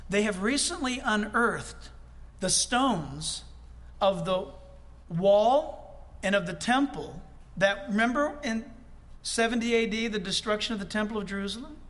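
A man's voice: high voice, animated, unhurried, fairly bright tone. A male preacher delivering a sermon, reading scripture aloud and breaking off into conversational asides to the congregation.

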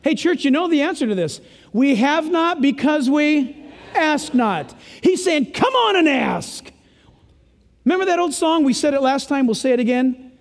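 High-voiced older pastor preaching. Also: male voice, moderate pace. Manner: animated, acts out voices of listeners and God. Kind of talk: sermon. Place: church. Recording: long reverb of a church hall.

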